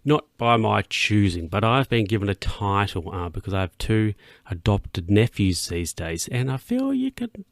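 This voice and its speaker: A young man rambles through a casual solo podcast, restarting his sentences and chuckling between thoughts. His voice sits low and carries a gravelly fry. The room around him sounds dry and close, and he yawns now and then as he talks. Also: very animated, moderate pace, no room sound. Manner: rambling, self-interrupting, chuckling, voices his own thoughts in a high put-on tone. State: yawning. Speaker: podcast host.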